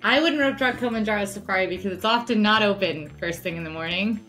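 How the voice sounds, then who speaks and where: Woman, co-host, upbeat, clear tips, casual chat, faint music underneath. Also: mid-range voice, quick pace. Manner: upbeat, explains plans clearly. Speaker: co-host giving park tips.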